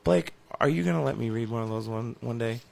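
A man's voice: mid-range voice, fast talker, creaky, a little mellow. A man co-hosting a sports radio show, talking in a chatty, rambling, teasing way and often interrupting. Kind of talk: casual sports radio banter.

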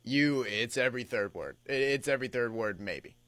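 Young male co-host, relaxed and repetitive, dry close mic. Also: medium pitch, moderate pace, no room sound. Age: 20s. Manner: easygoing, repeats himself. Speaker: podcast co-host. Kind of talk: casual chat.

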